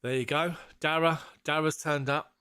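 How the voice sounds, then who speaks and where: A man's voice: on the high side, fairly even intonation, moderate pace, pushed and bright, clear, resonant tone, no room sound, clean studio sound. A man hosting a casual live fan stream. He is jokey, laughs often and swears casually as he chats with viewers.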